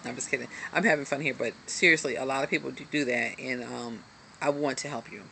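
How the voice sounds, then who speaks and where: A woman's voice: very deep voice, fairly even intonation, fast, vocal fry, bright, forceful tone, a little hiss or hum. A woman giving an earnest, encouraging self-help talk to a hand-held camera. She reads from a book with lots of ums and little asides. Faint crickets chirp in the background. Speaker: motivational self-help speaker. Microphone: self-filmed, camera held in hand at arm's length.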